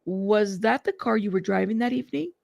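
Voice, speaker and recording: A woman's voice: mid-range voice, fairly quick, creaky, a little mellow, dry recording, muffled recording. A woman reading a methodical prosecutor's questions. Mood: questioning.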